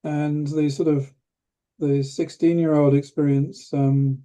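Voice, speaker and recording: A man's voice: on the high side, flat delivery, slow pace, mellow. An older man from England, telling a story as an interview guest, hesitant with many restarts and a dry humor. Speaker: interview guest, retired professor of rheumatology. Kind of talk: reflective storytelling.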